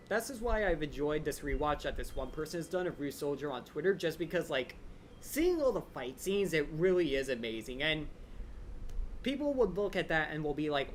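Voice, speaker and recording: Answering viewer questions on a live Q&A stream, a young channel host rambles fast and eagerly like an excited fan, packing in lots of "like" fillers. His fairly high voice sounds a bit drained, and there's slight background noise.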